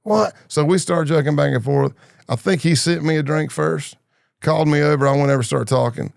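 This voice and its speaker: A man's voice: fairly high pitch, fairly quick, gravelly, no room sound, studio quality. A middle-aged man from the American South, telling long stories as a podcast guest and acting out the voices of people he quotes. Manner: animated storyteller, acts out quoted voices. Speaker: podcast guest, former undercover agent. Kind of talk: storytelling interview.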